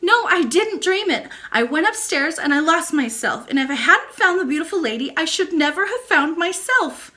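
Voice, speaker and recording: A woman voicing an earnest little girl princess who pleads and speaks up high. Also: sing-song, moderate pace, few pauses, sharp tone, heavily acted. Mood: pleading.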